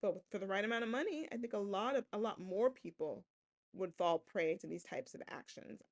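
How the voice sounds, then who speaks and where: A woman hosting a sociology podcast in a casual lecture style, lively and often checking in with "right?". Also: mid-range voice, brisk. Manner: animated, acts out quoted voices, keeps asking "right?".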